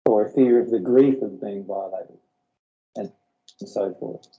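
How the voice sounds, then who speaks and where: A man's voice: fairly low pitch, a little slow, phone-quality sound. A man leading a spiritual workshop, explaining earnestly and often repeating his words. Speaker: workshop teacher.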